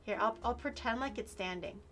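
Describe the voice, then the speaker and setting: Woman streamer, high voice, playful, excitable, squeals and laughs, casual chat, faint music behind. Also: brisk.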